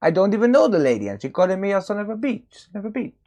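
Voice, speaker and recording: A man's voice: mid-range voice, sing-song, unhurried, darkish tone. A man voicing an indignant foreign man who tells a joke in broken English. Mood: outraged. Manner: broken grammar, rising outrage.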